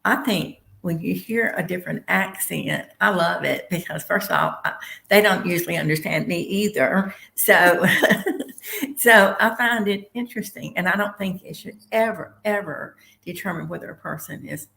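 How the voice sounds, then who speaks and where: Very gravelly Tennessee woman. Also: on the low side, normal speed, fairly bright tone. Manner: frank and emphatic. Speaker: panelist. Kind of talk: casual panel discussion. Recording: echoey room.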